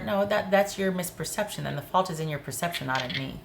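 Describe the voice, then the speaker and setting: A woman with a low-pitched voice reads tarot cards casually to camera. She is blunt and animated and speaks straight to the viewer. A faint hiss sits under the recording. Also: quick pace, gravelly, hardly any pauses. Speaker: tarot reader.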